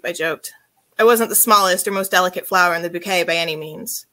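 A woman author reading from her own novel in an even, intimate storytelling voice with a soft, low delivery. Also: fast talker.

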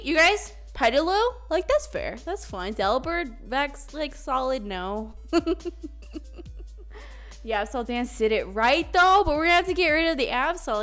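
A woman's voice: high-pitched, fairly bright tone. A woman live streaming a game, chatting casually with her viewers, giggly and swearing freely. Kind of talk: casual live-stream chat while gaming.

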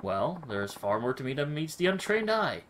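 A snooty self-declared nobleman in his thirties, as a man reads him out, heaping grand, flowery scorn on everyone. The pitch swoops widely as he preens. Each word is delivered with lofty contempt. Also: sing-song, normal speed, a bit bright, slight background noise, low-quality recording. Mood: haughty. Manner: haughty, florid insults. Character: pompous self-styled male nobleman, thirties.

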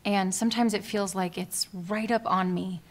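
An actress playing an anxious young woman who pours out her worries to her partner in a soft, halting voice, in a comedy short film. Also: mid-range voice, fairly even intonation, natural voice. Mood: worried.

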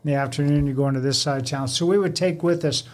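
Animated storytelling male fire captain. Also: on the high side, quick pace. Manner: animated storyteller who acts out quoted dialogue. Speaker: podcast co-host, former fire captain. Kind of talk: casual chat, storytelling.

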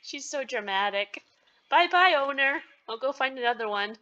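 A woman's voice: high voice, lively intonation, normal speed, sharp tone, muffled recording. A woman voicing a smug, aloof house cat that mocks its owner in a dismissive tone. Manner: mocking, dismissive.

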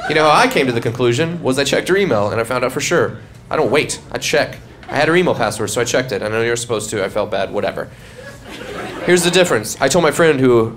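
A young man telling stand-up stories with a wry, deadpan-turned-incredulous delivery. He works a club stage on a live comedy album, with audience sound clearly present behind him. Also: mid-range voice, a little hiss or hum. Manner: wry storytelling with quick punchlines. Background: audience laughing.

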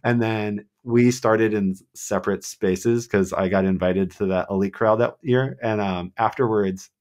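A man on a podcast telling running stories in a casual, animated way, acting out quotes with lots of fillers. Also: fairly low pitch, measured pace. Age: adult with a child. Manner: animated storyteller, acts out quotes, many fillers. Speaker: guest marathon runner.

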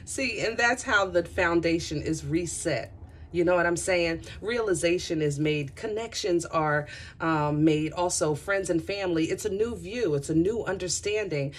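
A woman's voice: lowish voice, moderate pace. A woman giving a casual tarot reading to her viewers, chatty and effusive, rambling through asides and talking straight to her listeners. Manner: addresses listeners directly and often. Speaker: tarot reader.

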